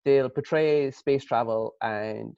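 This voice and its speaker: Irish male panelist, mid pitch, dry dull call audio, musing questioner. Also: slow pace, gravelly, no echo. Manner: thoughtful, rambling questions with restarts. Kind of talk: casual conversation on a video call.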